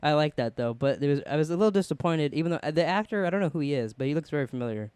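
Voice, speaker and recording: A young man co-hosting a casual TV review chat, excited and rambling with lots of restarts. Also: on the high side, rapid-fire, smooth, dry recording. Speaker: podcast co-host.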